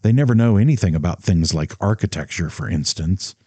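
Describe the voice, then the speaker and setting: A man's voice: sits low, lively intonation, a little fast, warm tone, no room sound. A man voicing a proud, blunt young man who lectures haughtily in an audiobook. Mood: scornful.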